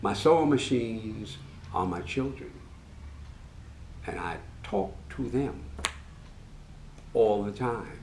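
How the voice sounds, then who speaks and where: A man, a tailor co-hosting a casual chat from his sewing studio, talking in an earnest, reflective way that often drops soft and low. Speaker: tailor and co-host. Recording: roomy studio with faint hiss.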